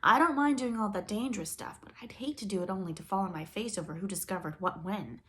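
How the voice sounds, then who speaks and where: A woman's voice: mid-range voice, fast talker, a bit bright, natural voice. Woman reading a determined young princess, polite, sly, storybook. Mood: worried. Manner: polite but cunning.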